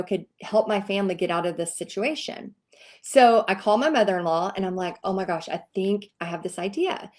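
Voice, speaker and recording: A woman from Texas in her thirties, telling her own story casually to viewers and acting out the other people's lines. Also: mid-range voice. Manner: animated, acts out quoted voices. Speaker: host.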